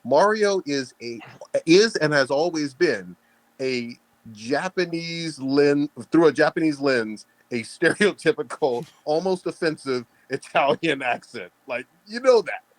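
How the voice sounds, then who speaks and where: A man's voice: fairly high pitch, lively intonation, measured pace, dry recording. A man hosting a casual podcast chat, blunt and heavy on profanity, talking with emphasis. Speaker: podcast host.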